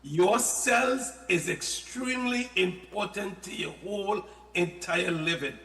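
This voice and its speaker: A man explaining health products in casual, animated talk, often repeating words and adding playful asides. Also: high-pitched, slow. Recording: echoey studio with long reverb.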